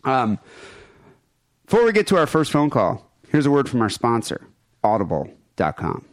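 A man's voice: medium pitch, wildly swooping pitch, normal speed. Crude, laughing man hosting a podcast. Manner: loose, crude, laughing banter. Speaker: podcast host. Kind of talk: casual comedy podcast chat.

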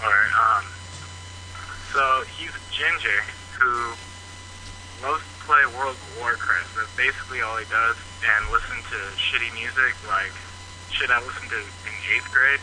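A man's voice: medium pitch, measured pace, bright, forceful tone. A young college freshman calling in to a podcast, rambling casually about his roommate. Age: young adult. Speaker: caller. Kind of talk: voicemail call-in. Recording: noisy phone line.

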